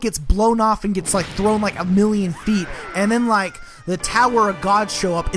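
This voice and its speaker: A man's voice: high-pitched, fairly bright tone. A young man giving a comedic, sarcastic game recap, swearing constantly and full of filler words.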